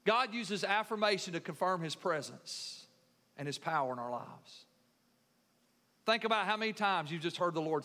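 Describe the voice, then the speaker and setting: A man preaching a sermon, building emphasis and then dropping into soft, tender lines. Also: sits high, lively intonation, fairly quick, long reverb tail. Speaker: pastor.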